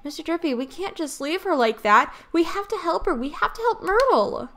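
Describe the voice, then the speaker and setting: A gentle young boy hero, as a woman reads him in a game speaks low and quietly, a bit hesitant but earnest. The voice sits below her usual pitch. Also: lively intonation, moderate pace, heavily acted. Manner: soft, hesitant. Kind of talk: reading game dialogue aloud.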